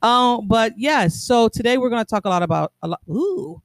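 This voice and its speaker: A man's voice: very high-pitched, a little fast, smooth, dry recording. A man co-hosting a casual sports podcast, laid-back and rambling, tripping over names. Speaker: podcast co-host.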